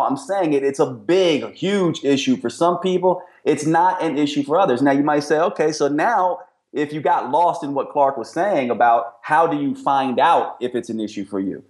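A middle-aged man speaks as an expert guest on a podcast, pressing his points with emphasis. His voice sits a little high for a man. The recording carries a noticeable room echo. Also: moderate pace, few pauses. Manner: emphatic, explanatory. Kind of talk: podcast interview.

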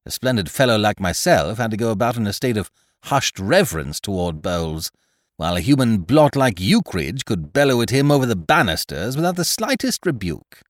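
A man narrating a story in a wry, expressive reading. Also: fairly low pitch, fairly quick, dry recording, clean studio sound. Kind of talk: scripted audiobook narration.

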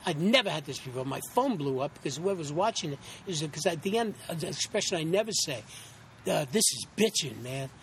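High-voiced man telling rambling stories. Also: quick pace, slight background noise. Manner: rambling, animated anecdotes with acted-out quotes and many restarts. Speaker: actor and interview guest. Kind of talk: casual interview storytelling.

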